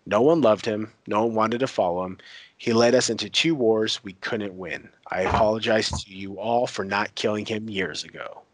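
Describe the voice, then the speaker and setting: A man's voice: fairly low pitch, moderate pace, no echo, close to an everyday voice. A man doing a crude, taunting pirate uncle. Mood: mocking. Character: brash mocking older male pirate uncle. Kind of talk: retelling a TV scene with voices.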